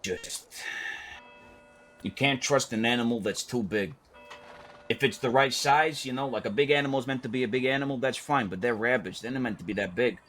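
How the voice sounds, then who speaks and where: With a medium-pitched voice and a brisk delivery, a man in an online roleplay game plays a character and tells a wild story. He's an animated, profane storyteller, full of swearing and acted-out quotes.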